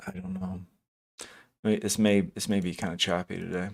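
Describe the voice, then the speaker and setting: A man's voice: deep voice, flat delivery, normal speed, vocal fry. Man musing over trading charts. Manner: thinking aloud, hesitant, frequent fillers and self-corrections; greets chat viewers by name. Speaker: day trading live streamer. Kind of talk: casual live market commentary.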